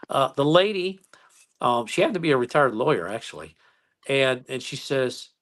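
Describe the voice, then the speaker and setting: A man, a police officer and interview guest, telling stories in a calm, unhurried way. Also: medium pitch. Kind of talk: casual chat.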